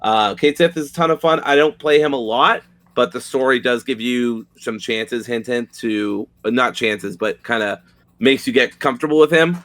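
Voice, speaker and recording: A man's voice: medium pitch, normal speed, a bit bright. A young man co-hosting a casual gaming podcast, talking with loose, enthusiastic energy and casual swearing. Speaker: podcast co-host.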